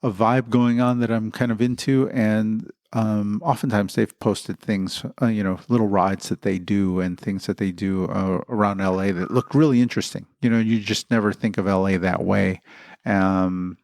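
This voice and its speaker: A man co-hosting a casual podcast, his low voice carrying a gravelly fry. He muses in an unhurried, easygoing way, close to a dry, deadened mic. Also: fairly even intonation, a little mellow, dry recording. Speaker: podcast co-host. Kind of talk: casual chat.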